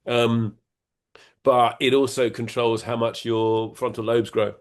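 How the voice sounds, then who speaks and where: A man's voice: mid-range voice, flat delivery, slow pace. A middle-aged man as an interview guest, explaining ideas in a rambling, playful way with many restarts and fillers. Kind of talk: casual conversation.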